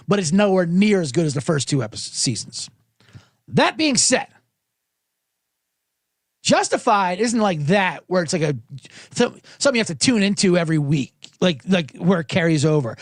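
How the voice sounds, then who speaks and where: A man's voice: high voice, dry recording, studio quality. A man hosting a casual sports betting podcast, rambling and profane, often cutting himself off mid-sentence. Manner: rambling, profane, self-interrupting. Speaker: podcast host. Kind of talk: casual livestream chat.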